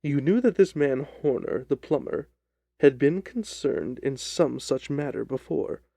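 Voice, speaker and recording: Brief: composed, ironic sleuth, gravelly and dark in tone, dry close recording, read by a man. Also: medium pitch, expressive, no echo. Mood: coolly accusing. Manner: measured, dryly ironic. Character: calm, sly, confident male detective. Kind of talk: audiobook reading of a detective story.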